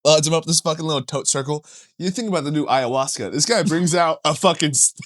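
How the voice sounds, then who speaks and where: A young man co-hosting a casual podcast, his voice sitting a little high. He rambles through a made-up tale, swearing freely and breaking into laughter mid-line. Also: fast, fairly bright tone. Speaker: podcast co-host. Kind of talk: casual comedic chat.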